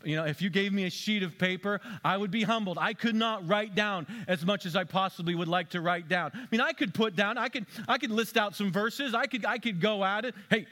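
A man's voice: high voice, a little fast, hardly any pauses, pushed and bright. A male pastor delivering a sermon in a conversational way, asking the congregation rhetorical questions and slipping in dry, sarcastic asides.

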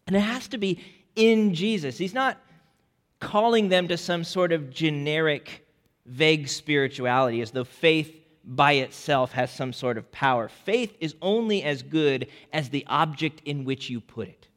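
A male pastor preaches in a slow, deliberate, earnest way, his voice sitting a little higher than most men's. His words ring out with a long reverb from a church sanctuary. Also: fairly bright tone. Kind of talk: sermon.

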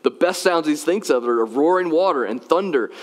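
A man giving a sermon, moving from personal storytelling to loud, emphatic calls to worship. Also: a little high, expressive, fairly quick. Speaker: pastor.

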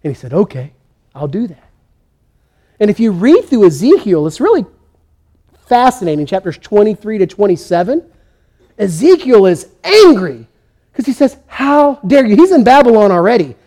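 A man with a high-pitched voice preaching a sermon. He tells the story in an animated way and voices the kings and prophets he quotes. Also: moderate pace, pauses often. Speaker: pastor.

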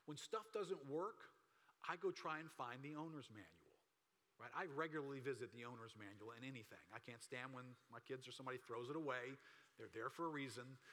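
A man preaching a sermon as a pastor, conversational and emphatic, building to forceful peaks. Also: mid-range voice. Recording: long reverb of a large hall.

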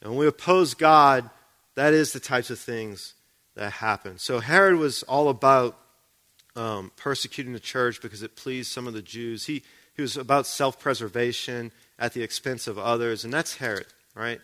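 A man's voice: medium pitch, normal speed, bright, forceful tone. A man preaching a sermon in a conversational way, often checking in with the congregation with questions.

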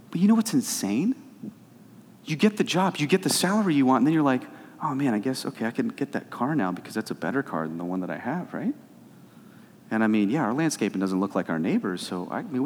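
A man's voice: on the low side, big-room sound, a little hiss or hum. A man preaching a sermon as pastor, conversational at times and rising to fervent emphasis.

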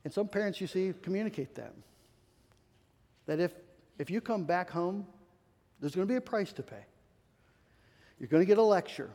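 A male pastor preaching a sermon, swinging between loud emphatic stretches and soft confiding asides, often repeating words as he restarts. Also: high-pitched, expressive, normal speed, long pauses. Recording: long hall reverb.

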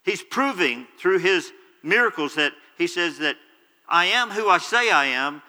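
A man's voice: high-pitched, animated, unhurried, bright, forceful tone, in a large hall, low-quality recording. A man preaching a sermon, earnestly explaining scripture and retelling it in his own words.

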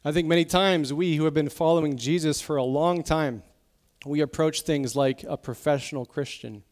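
A man pastor giving a sermon in a conversational, emotional way, sometimes dropping to soft, intense tones. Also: on the high side, steady tone, moderate pace. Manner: conversational preaching, acts out quoted voices.

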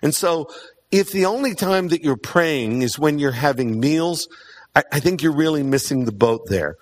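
A man preaching a sermon in an earnest way, repeating key points for emphasis and often pausing on "uh". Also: on the high side, expressive. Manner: earnest, emphatic repetition, frequent "uh" fillers.

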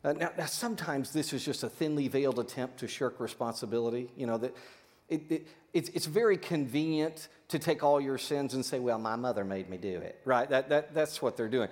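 A man preaching a sermon in an animated, folksy way, with sudden loud bursts, repeating words as he thinks. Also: mid-range voice, fairly quick. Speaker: pastor. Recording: long hall reverb.

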